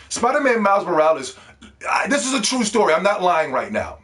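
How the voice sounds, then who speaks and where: Brief: male gaming vlogger, fired-up profane rant, voice sits a bit high. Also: sing-song, brisk, fairly bright tone. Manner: heated, profane, repeats words when worked up. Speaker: gaming video host. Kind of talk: ranting video commentary.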